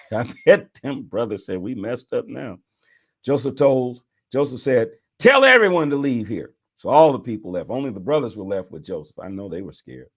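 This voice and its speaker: Bishop reading scripture, expressive rise and fall, stops to preach. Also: male voice, medium pitch, moderate pace. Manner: animated reading with preacher asides. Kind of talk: bible reading with commentary.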